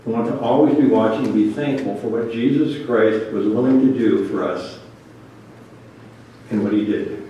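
A man's voice: fairly low pitch, moderate pace, dull audio, a little hiss or hum. A man preaching a sermon, reading scripture aloud and then commenting on it earnestly. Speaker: pastor. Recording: very echoey room, voice from a distance.

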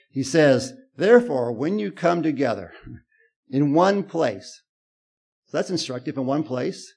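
A male pastor giving a conversational sermon to his congregations, growing animated when he quotes scripture. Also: medium pitch, creaky.

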